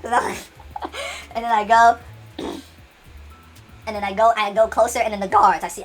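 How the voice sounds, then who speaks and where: A woman's voice: medium pitch, brisk, soft background music. A woman telling an unscripted comic story, rambling with many restarts and acting out the dialogue.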